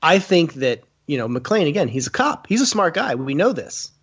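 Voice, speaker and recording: A man giving casual film commentary as a podcast guest, animated and rambling with many fillers and restarts. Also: fairly high pitch, moderate pace, husky, muffled recording.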